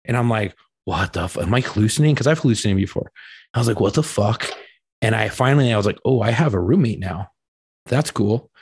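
A man's voice: fairly low pitch, quick pace, a little hiss or hum. A man telling a long story in casual chat, swearing constantly and acting out what people said. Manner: profane, animated, acts out quoted voices. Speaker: podcast co-host telling a story.

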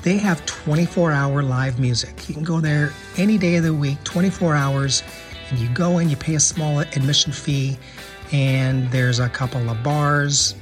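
A man's voice: on the high side, moderate pace, faint music behind. An American man hosting a casual travel podcast, chatty and enthusiastic, often repeating words as he thinks. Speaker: podcast host.

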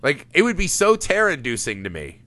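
A man hosting a podcast, chatting casually about a film, animated and laughing often with casual swearing. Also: fairly high pitch, brisk, dry recording. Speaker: podcast host.

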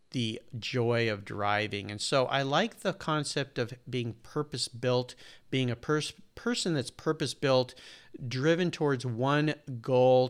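The clean, mid-range voice belongs to a man in his sixties who hosts a podcast and is here being interviewed. Casual in manner, he speaks earnestly, in detail, and at great length.

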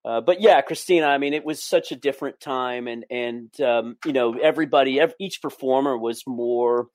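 Male host, mid-pitched, dry close sound, short agreeable interjections. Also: moderate pace, no echo. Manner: brief affirmations, then a scripted-sounding show plug. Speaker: podcast host. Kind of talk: casual chat.

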